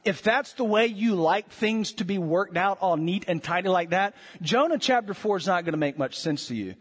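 A man preaching a sermon as pastor, earnest and emphatic, slowing down with dramatic pauses to stress key words. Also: high voice, lively intonation, breathy edge, big-room sound.

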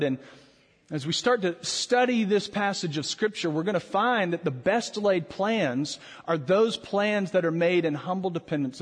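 High-voiced preacher in a reverberant hall. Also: male voice, husky. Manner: animated, rhetorical preaching with dramatic pauses. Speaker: pastor. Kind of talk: sermon.

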